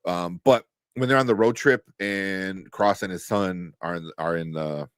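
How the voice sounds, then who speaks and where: A man co-hosting a casual show review chat, animated and laughing often, with lots of fillers. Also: low-pitched, unhurried, clear, resonant tone, no room sound, clean studio sound. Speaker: podcast co-host.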